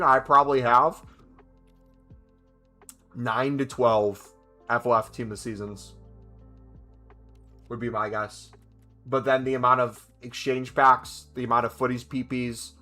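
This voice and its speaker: A man's voice: mid-range voice, bright, forceful tone. A man streaming a video game, chatting casually and answering viewers' questions as he plays. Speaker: gaming streamer. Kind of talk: casual live-stream commentary.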